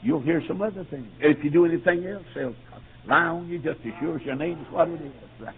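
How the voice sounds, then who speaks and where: Husky preacher on old radio. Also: male voice, a little high, fairly quick. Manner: rises to shouting, preaching cadence with repeated "uh". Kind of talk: sermon. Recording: tinny lo-fi radio broadcast.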